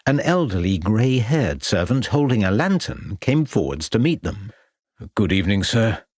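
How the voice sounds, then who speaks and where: A man narrating a detective novel in a measured storytelling manner. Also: on the low side, sing-song, darkish tone, no echo, studio quality. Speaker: audiobook narrator. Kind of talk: scripted narration.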